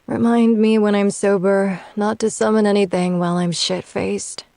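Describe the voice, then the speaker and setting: A man's voice: high voice, flat delivery, normal speed, gravelly, darkish tone, no echo, pitched above the performer's own voice. A man reading an audiobook-style story, putting on the voice of a sarcastic, tipsy young woman who answers with biting exasperation. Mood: exasperated. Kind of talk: audiobook narration.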